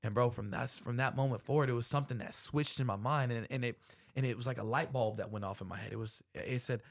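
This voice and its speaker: A man's voice: mid-range voice, fast, vocal fry. A young man hosting a podcast, telling a personal story earnestly, full of slang like bro and man. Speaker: podcast host.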